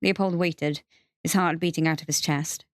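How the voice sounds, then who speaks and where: A woman narrating an audiobook in a steady storytelling voice, read on a livestream. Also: low voice, normal speed, dry recording, clean studio sound.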